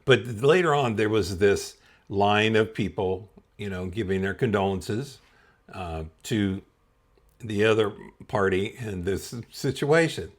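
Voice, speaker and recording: A man's voice: lowish voice, slow. Chuckling man telling a funny story. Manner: chuckles often while telling. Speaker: podcast host. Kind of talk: comedic personal storytelling.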